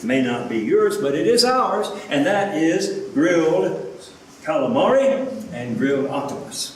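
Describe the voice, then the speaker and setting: Preaching man in an echoey hall. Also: on the high side. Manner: earnest preaching with rhetorical questions. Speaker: pastor. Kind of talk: sermon. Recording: echoey room, from a distance, faint background noise.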